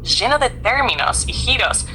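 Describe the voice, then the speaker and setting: A woman's voice of an AI assistant, polite, even and helpful. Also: fairly high pitch, moderate pace, slight background noise. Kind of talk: synthetic assistant speech.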